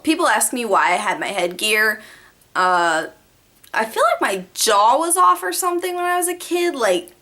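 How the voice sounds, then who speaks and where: A young woman vlogging casually, telling stories to the camera with lots of "like" fillers and animated asides. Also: on the high side, moderate pace. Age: young adult. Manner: chatty, animated, many "like" fillers.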